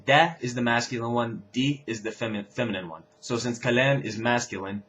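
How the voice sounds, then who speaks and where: A young man talks through phrases in a casual teaching voice of middling pitch. He says each example phrase again with lively stress before explaining it. The recording sounds a little dull and lo-fi. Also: a little fast, few pauses. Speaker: language teacher.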